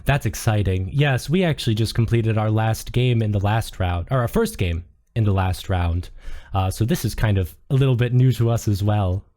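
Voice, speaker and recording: A man narrating a tabletop game as game master, relaxed and full of fillers. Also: fairly low pitch, normal speed.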